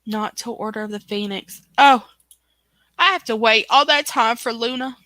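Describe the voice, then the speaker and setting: Chatty woman, bright voice. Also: a little high, normal speed, dry recording. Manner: chatty, reads viewer comments aloud. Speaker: book club host. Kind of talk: casual livestream chat.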